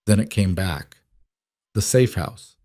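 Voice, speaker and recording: Male narrator, measured story read, low voice, dry close mic. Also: animated, warm tone, no echo.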